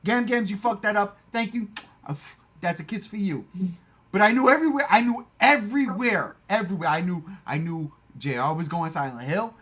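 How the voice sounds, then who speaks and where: A man's voice: high-pitched, a little fast, fairly bright tone, husky. A man hosting a casual livestream chat, boastful, repeating himself and swearing freely. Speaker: livestream host.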